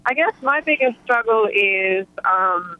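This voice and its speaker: A woman's voice: medium pitch, expressive, measured pace, no room sound. A young adult woman calling in to an advice show, speaking hesitantly with many fillers. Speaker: caller. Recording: muffled phone line.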